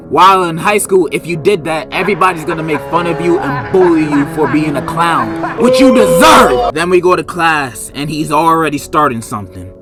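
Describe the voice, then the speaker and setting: Animated man ranting in mock outrage. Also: fairly high pitch. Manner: loud, exaggerated outbursts and mock outrage. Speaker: comedic book reviewer. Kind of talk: comedic commentary.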